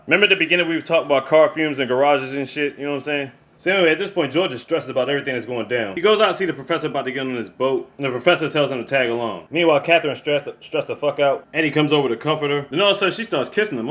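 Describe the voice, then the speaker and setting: A man recapping a film's plot in a casual, animated way, cursing freely and slipping into quoted voices of the characters. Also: mid-range voice, fast talker. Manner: animated, cussing, reacts loudly to scenes. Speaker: movie reviewer.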